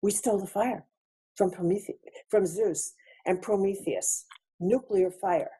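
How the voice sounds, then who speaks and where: A woman's voice: medium pitch, measured pace, dark tone, slightly rough. A woman giving a spiritual lecture over a webinar, reflective, repeating phrases for emphasis. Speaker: featured speaker.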